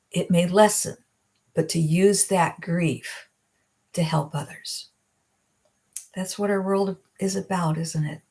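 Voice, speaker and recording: A middle-aged woman hosting a psychic advice live stream, talking earnestly and gently and slowing down at heartfelt points. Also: lowish voice. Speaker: psychic video host. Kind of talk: reflective live-stream talk.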